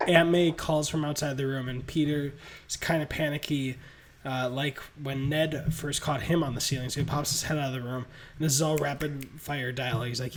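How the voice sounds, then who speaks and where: A male podcast host walking through a movie pitch in animated storytelling, chuckling between beats. His voice sits a bit high for a man. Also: a little fast. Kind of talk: casual movie pitch narration.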